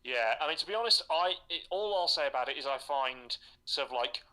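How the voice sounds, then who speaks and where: A man's voice: medium pitch, expressive, a little fast, bright, forceful tone, low-quality recording. A man co-hosting a live stream, talking at length in a loose, rambling way with many restarts. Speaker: co-host. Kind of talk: casual chat.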